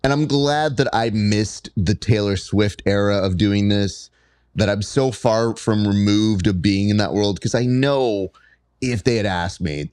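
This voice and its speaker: A man's voice: fairly low pitch, a little mellow, dry recording. Playful man hosting a chat, dry sound. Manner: playful, joking storyteller. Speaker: podcast host. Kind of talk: casual interview chat.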